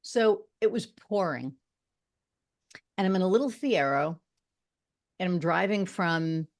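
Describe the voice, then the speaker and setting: Woman telling a story with quick asides. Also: fairly low pitch. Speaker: guest. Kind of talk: casual storytelling chat.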